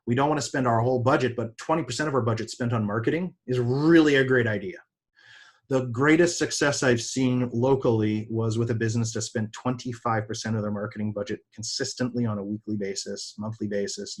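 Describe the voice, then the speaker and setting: A man speaking as a business coach in a seminar talk, conversational and energetic, with sudden excited jumps in pitch. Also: fairly quick.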